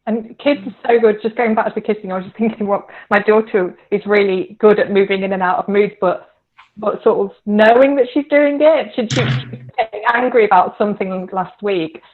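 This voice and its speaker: A woman's voice: mid-range voice, brisk. Thoughtful woman coach with a muffled sound. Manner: thoughtful, asks tag questions, laughs easily. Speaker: podcast co-host, coach. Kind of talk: casual reflective conversation.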